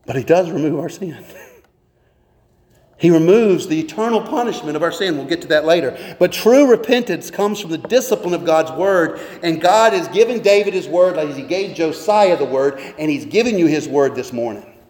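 A man's voice: a little high, lively intonation, moderate pace, a little mellow. A man, a pastor, preaching a sermon with earnest emphasis and pointed rhetorical questions. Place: church sanctuary. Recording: echoey long reverb of a church hall.

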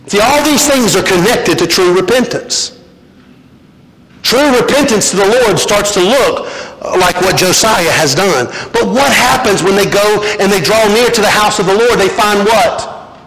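High-voiced pastor preaching in a church. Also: male voice, fairly bright tone. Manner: earnest preaching with rhetorical questions and repeated words. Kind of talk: sermon. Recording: long reverb, faint noise.

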